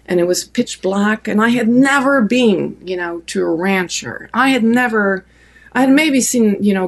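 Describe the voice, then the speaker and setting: A middle-aged woman from France with a French accent, a guest telling a story in a relaxed, animated way, with many restarts and fillers. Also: medium pitch, vocal fry. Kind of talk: casual storytelling.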